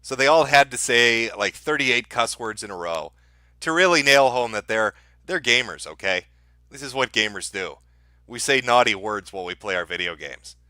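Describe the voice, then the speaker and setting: A man's voice: mid-range voice, expressive, normal speed, bright, forceful tone, no echo. A man streaming, mocking the clips he plays with sarcastic commentary.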